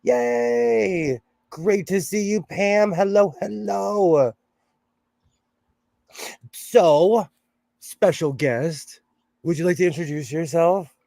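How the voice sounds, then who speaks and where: Brief: cheerful West Coast man, livestream host, a bit high, dry close sound. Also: drawn-out words, vocal fry, long pauses, dark tone, no echo. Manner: upbeat, greets viewers by name. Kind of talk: casual livestream chat.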